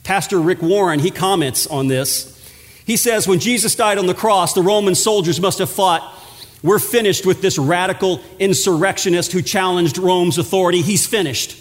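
A man delivers a sermon from the pulpit, his voice pitched high for a man. He stretches key words and pauses for weight, and a long hall reverb trails behind each phrase. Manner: preaching with dramatic pauses and drawn-out words. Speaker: pastor.

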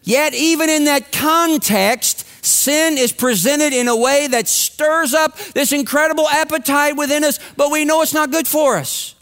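A man's voice: very high voice, measured pace, hardly any pauses, fairly bright tone. A man preaching a sermon to his congregation in a conversational, humorous storytelling way. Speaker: pastor. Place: church sanctuary with congregation.

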